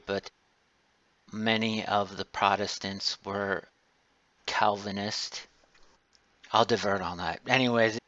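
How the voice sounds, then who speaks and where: Slow, rambling low-voiced male instructor. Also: a bit bright, no echo, lo-fi sound. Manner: rambling, digressive, restarts often. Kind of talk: recorded lecture.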